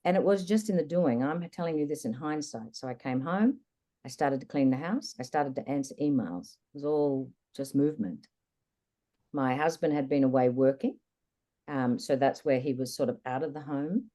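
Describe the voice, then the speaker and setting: A woman guest in an interview, candidly recounting a personal experience in a reflective, lively way. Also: a bass voice, normal speed. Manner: candid, reflective, animated retelling. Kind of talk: personal storytelling in conversation.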